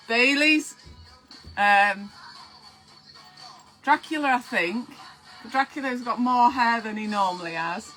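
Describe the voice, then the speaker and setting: A woman's voice: on the high side, slow, pauses often, sharp tone, poor audio. A woman hosting a casual live stream, chatty and giddy, fussing over her pets between greetings to viewers. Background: faint Halloween music.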